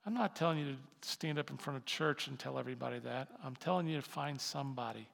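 Gravelly preacher in a reverberant hall. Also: male voice, medium pitch, quick pace. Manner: impassioned, rising to loud emphatic peaks. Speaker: pastor. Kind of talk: sermon.

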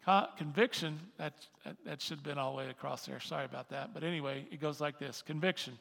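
A man preaching a sermon as pastor, with animated delivery that swings from quiet asides to shouted emphasis. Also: on the high side, fairly quick, gravelly, in a large hall.

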